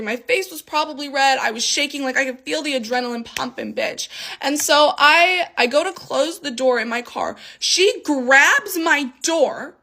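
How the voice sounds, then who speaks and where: A young woman telling a storytime tale in a casual, animated way, swearing freely and acting out the voices of people she quotes. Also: high voice. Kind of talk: storytime vlog.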